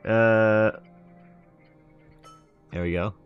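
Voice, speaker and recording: A man's voice: on the low side, normal speed, soft background music. A man streaming a game, reading its text aloud and joking between lines, often laughing. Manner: joking, laughs often, reads dialogue with relish.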